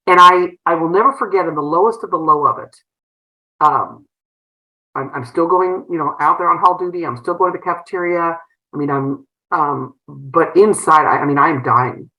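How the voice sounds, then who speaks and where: Low, bright-voiced woman telling her story. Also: rough recording. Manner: earnest, emotional retelling with frequent fillers and restarts. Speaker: guest, former school principal turned entrepreneur. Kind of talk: personal storytelling in an interview.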